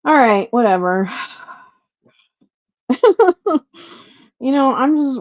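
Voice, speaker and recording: A middle-aged woman hosting a livestream, venting with a lot of swearing, then apologizing and dropping to quiet mutters. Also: medium pitch, measured pace, long pauses, dry recording. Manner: frustrated, profane, apologetic, swings between loud venting and quiet muttering. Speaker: livestream host. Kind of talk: unscripted livestream rant. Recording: dull, lo-fi, dry livestream audio.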